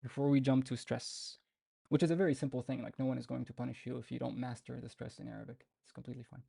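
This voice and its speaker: Guy teaching a live online class, gravelly voice, dark tone, dry close sound, repeats words over and over, pretty laid back. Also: mid-range voice, no room sound. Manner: patient, repeats example words slowly many times; relaxed and informal, with fillers and restarts. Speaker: Arabic teacher. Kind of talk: live online language lesson.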